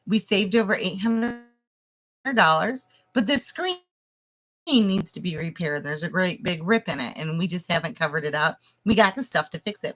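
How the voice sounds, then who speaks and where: A woman's voice: medium pitch, a bit bright, low-quality recording. A woman homestead vlogger telling a dramatic story casually to the camera, speaking directly to her viewers.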